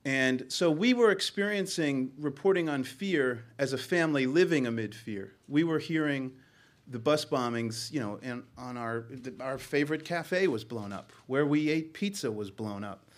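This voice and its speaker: Speaking to a panel, this middle-aged newspaperman from Boston recounts something personal in a sincere, faltering manner, often restarting and saying "um." His pitch is medium.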